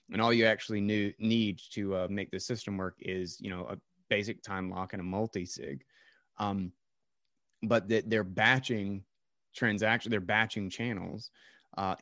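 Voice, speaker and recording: Low-voiced man rambling in podcast chat. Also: a bit bright, no echo, studio quality. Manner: rambling, many fillers and restarts.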